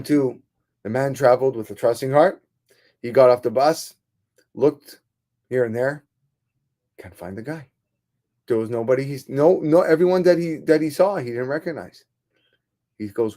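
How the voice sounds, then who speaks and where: A man who is a rabbi, telling a story in a sermon in an animated, dramatic way. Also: mid-range voice.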